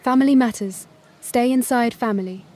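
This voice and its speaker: A woman voicing a stern, controlling older mother-in-law with a Vietnamese accent and clipped, sharp phrasing. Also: on the high side, normal speed, natural voice. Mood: curt.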